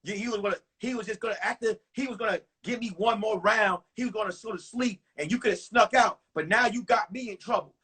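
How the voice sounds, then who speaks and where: A man's voice: high-pitched, quick pace, hardly any pauses, sharp tone, husky, heavily acted. A man voicing a brazen young woman who sounds indignant and defiant. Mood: sassy.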